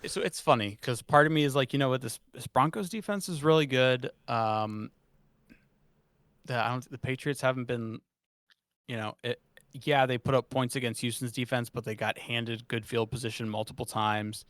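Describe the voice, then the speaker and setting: A man's voice: mid-range voice, steady tone, normal speed, a bit bright, no echo, studio quality. A man co-hosting a sports podcast, blunt and swearing, laughing often in casual chat. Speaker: podcast co-host.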